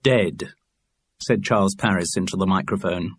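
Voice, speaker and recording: Male audiobook narrator, measured and even, husky and low. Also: dry recording, clean studio sound. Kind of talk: scripted narration.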